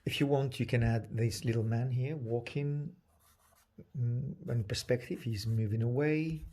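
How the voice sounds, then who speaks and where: A man giving a live painting demonstration, soft-spoken, thinking aloud, and often dropping to a whisper as he works. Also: mid-range voice. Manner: halting, thinking aloud with restarts. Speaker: painting teacher.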